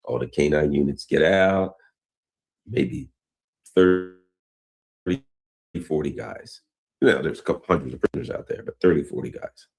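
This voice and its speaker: A man's voice: very deep voice, moderate pace, gravelly, long pauses, a little mellow, slightly rough. A man hosting a news commentary show, talking casually and rambling into old stories, with frequent restarts.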